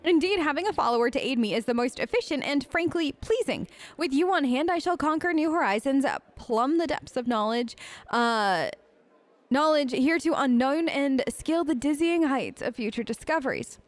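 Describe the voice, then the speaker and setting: A woman's voice: sits high, expressive, moderate pace, dry recording, pitched above the performer's own voice. A woman putting on a pompous lofty scholar. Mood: grandiose. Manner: grandiose, lofty, condescending. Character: pompous self-absorbed female scholar. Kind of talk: reading game dialogue aloud.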